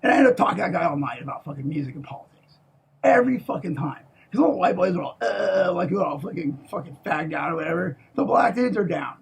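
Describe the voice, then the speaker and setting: A man in a rambling, profane monologue, swinging between loud outbursts and low mutters and tagging lines with "okay?". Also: expressive, fast, gravelly, slightly rough. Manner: profane, repeats "okay?", restarts a lot.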